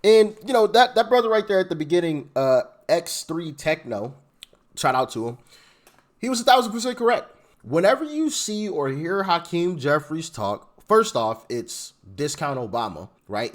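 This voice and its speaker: A man hosting a casual reaction commentary, animated and mocking, laughing as he talks. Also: on the high side, normal speed. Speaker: commentary channel host.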